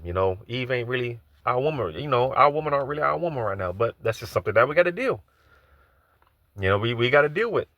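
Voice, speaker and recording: A man's voice: mid-range voice, fairly bright tone, no room sound, muffled recording. A man giving an informal live sermon, loose and conversational, repeating phrases and filling gaps with asides. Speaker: preacher.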